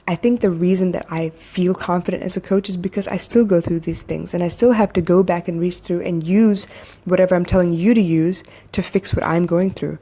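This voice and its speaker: Soothing low-voiced woman coaching. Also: mellow. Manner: candid, repetitive, rising to emphatic urging. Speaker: podcast host and coach. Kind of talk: casual motivational monologue. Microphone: phone.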